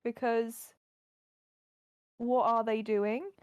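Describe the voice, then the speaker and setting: A woman's voice: a little high, level tone, extremely slow, clean tone, dry recording, muffled recording. A tired woman co-hosting a podcast from bed at home, talking bluntly in casual chat. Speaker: podcast co-host.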